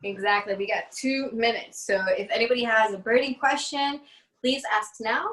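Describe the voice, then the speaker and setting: A casual, chatty woman teaching an online class and laughing easily. Her voice sits a little high. She is heard from a distance in an echoey room over a video call. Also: moderate pace, a bit bright.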